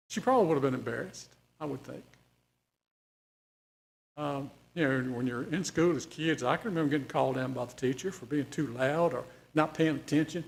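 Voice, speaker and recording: A man's voice: on the high side, a little fast, creaky, slight background noise. A man leading a Bible study in a folksy, conversational way, putting questions to the class. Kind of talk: informal Bible study teaching.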